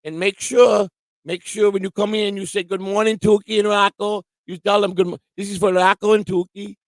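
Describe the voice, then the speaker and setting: Giddy high-voiced man shouting on a livestream. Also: little pitch movement, normal speed, no echo. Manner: loud, giddy, laughing, repetitive shouting. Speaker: livestream co-host. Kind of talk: rowdy casual livestream chat.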